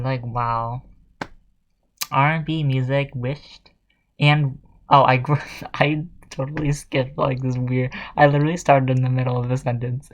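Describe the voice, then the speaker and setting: A man's voice: medium pitch, fairly even intonation, normal speed. A man ranting casually to his viewers. He sounds sarcastic and exasperated, with a mocking, offhand edge. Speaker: vlogger. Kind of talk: casual commentary rant.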